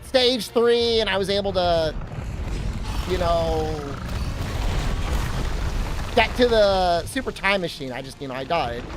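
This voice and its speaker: A man's voice: sits high, lively intonation, slow pace, pauses often, background noise. A man livestreaming, telling a rambling, self-deprecating story in casual chatter.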